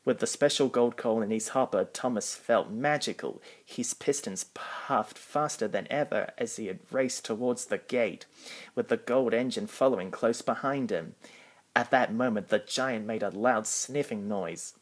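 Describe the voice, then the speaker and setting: A man reading a children's storybook aloud in a plain, even narration. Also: mid-range voice, measured pace.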